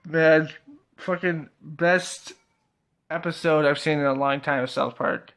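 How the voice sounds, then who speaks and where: A man's voice: on the high side, fairly even intonation, takes it slowly, fairly bright tone. A young man casually reviewing a TV episode, laughing often, swearing freely and filling his talk with "like" and "uh".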